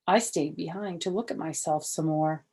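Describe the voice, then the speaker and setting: Older grandma reading a kids' chapter book, low-ish husky voice, goes soft and hushed sometimes. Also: female voice, moderate pace. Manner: animated, soft and hushed in quiet parts. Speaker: storyteller reading a children's book. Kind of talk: expressive children's book read-aloud.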